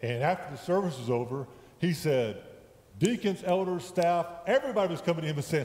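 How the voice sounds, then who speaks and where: A man's voice: on the high side, animated, a little fast, a little mellow. A man giving a conversational sermon in a church, often checking in with his listeners. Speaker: lay preacher. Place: church sanctuary. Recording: echoey church hall with long reverb.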